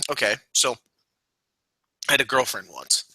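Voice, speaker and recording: Rambling, blunt man with a bright voice. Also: medium pitch, very animated, a little slow, husky, dry recording, rough recording. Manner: rambling, restarts often, blunt and emphatic. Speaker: podcast co-host. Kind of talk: casual wrestling podcast chat.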